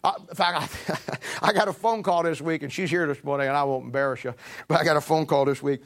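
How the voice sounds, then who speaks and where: In a church sanctuary, a man in his seventies preaches as pastor, spinning folksy stories with emphasis and acting out the voices he quotes. His voice is a little high and fairly bright, and he talks at a quick pace.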